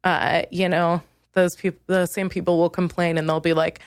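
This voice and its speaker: A woman comedian hosting her own podcast, delivering a crude, acerbic monologue that keeps leaping up in pitch. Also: level tone, moderate pace, clean tone, no room sound, studio quality. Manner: crude, acerbic ranting with sudden high jumps in pitch.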